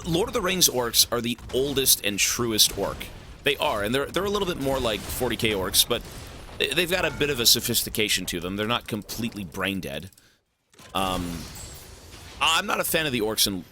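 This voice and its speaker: Animated, sharp-toned male streamer. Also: medium pitch, moderate pace, slight background noise. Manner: animated, opinionated rambling with frequent swearing. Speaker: game streamer. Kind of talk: casual chat while gaming.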